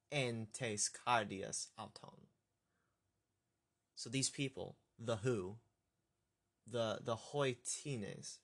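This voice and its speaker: Slow, halting man studying scripture. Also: mid-range voice, a bit bright. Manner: thinking aloud, halting, self-correcting. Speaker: Bible study teacher. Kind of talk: translating scripture aloud.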